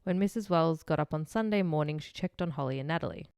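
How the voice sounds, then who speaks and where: A woman's voice: low-pitched, fast talker, a little mellow, smooth, no echo, clean studio sound. A young woman co-hosting a true-crime podcast, chatty, laughing often and swearing casually. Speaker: podcast co-host.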